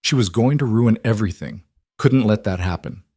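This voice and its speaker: A man voicing a cold, treacherous male ranch hand with a gun, speaking calmly and bitterly. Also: lowish voice, normal speed, no echo, studio quality.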